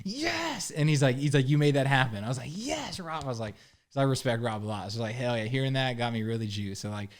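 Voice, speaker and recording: A man's voice: mid-range voice, fairly even intonation, fast talker. A young man as a podcast guest in a casual chat, laid-back, peppering his talk with "like" and "bro" and acting out quotes.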